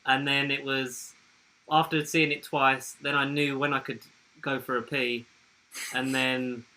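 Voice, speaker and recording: A man's voice: medium pitch, level tone, a little slow, sharp tone, rough recording. A man co-hosting a podcast, joking and telling anecdotes in casual chat. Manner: jokey, playful, tells anecdotes. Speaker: podcast co-host running the quiz.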